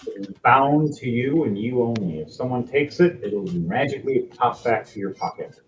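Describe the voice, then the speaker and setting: A man's voice: mid-range voice, lively intonation, moderate pace, rough recording. A man narrating casually as game master of a tabletop game.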